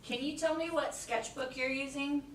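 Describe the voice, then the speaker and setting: A woman's voice: high voice, steady tone, moderate pace, roomy sound, distant mic, a little hiss or hum, poor audio. A woman co-hosting a live art show, asking questions in a friendly, conversational way. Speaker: show co-host relaying questions.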